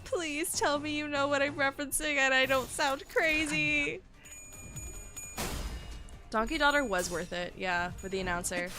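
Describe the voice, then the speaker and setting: A young woman streaming a game, chatting casually and excitably with her viewers and swearing freely. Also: high voice, a little slow, long pauses, faint music behind. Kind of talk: casual live-stream commentary.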